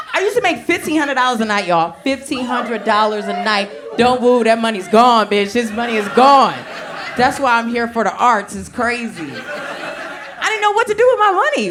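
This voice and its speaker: A woman, performing a brash, conversational stand-up set and talking straight to the crowd on a handheld mic. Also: medium pitch. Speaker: stand-up comedian. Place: comedy club stage with a laughing audience. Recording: live club recording with clear background noise.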